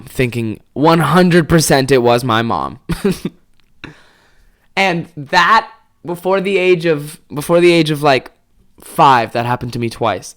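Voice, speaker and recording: A man's voice: mid-range voice, smooth. Rambling, foul-mouthed young man telling stories. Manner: rambling, swears freely, many fillers. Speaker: podcast host. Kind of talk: casual storytelling.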